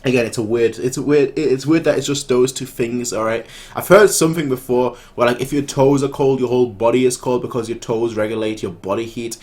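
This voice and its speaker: A man's voice: medium pitch, fairly even intonation, a little fast, few pauses, darkish tone. A man hosting an anime reaction video, chatting casually while closing it, rambling with many restarts and poking fun at himself. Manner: rambling, many restarts and fillers, self-mocking.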